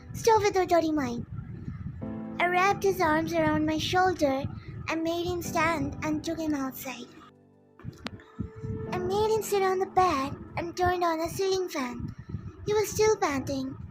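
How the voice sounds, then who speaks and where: A woman narrating a first-person fan fiction story in an earnest, simple way. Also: very high voice.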